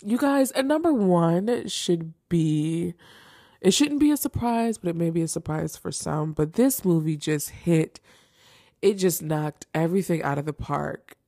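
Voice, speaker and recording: A woman's voice: lowish voice, expressive, measured pace, dark tone, no echo, clean studio sound. A young woman hosting a casual chat show, gushing over favorites and repeating phrases for emphasis. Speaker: host ranking holiday movies.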